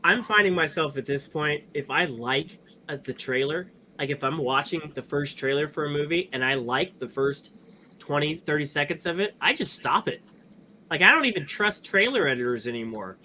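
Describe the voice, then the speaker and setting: A man co-hosting a podcast, talking about movies in a loose, rambling way and often restarting his sentences. His voice is bright and forward. A faint hiss sits behind him. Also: on the high side, moderate pace. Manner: animated, rambling, lots of restarts and fillers. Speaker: podcast co-host. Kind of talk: casual movie review chat.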